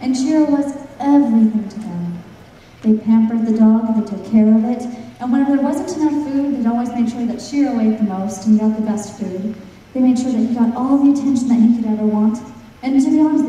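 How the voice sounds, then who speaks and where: A young woman telling a folk tale live to an audience in a playful, animated way. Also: on the high side, fairly quick. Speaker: storyteller. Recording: echoey hall, mic far off.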